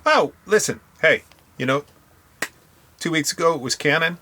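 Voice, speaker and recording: A man with a Northern Irish accent co-hosting a casual podcast chat, talking in an animated, emphatic way. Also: on the high side, moderate pace, a little hiss or hum. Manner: animated, emphatic, talks through camera specs. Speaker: podcast co-host.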